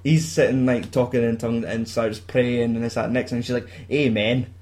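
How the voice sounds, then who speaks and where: A man's voice: mid-range voice, little pitch movement, brisk, dark tone. Scottish man, sweary laughing storyteller. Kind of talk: casual chat retelling a film plot.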